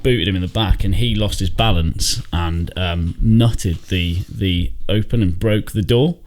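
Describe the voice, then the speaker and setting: A man's voice: deep voice, measured pace, a little mellow, a little hiss or hum. A man co-hosting a podcast, teasing his co-host with dry banter. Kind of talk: casual chat.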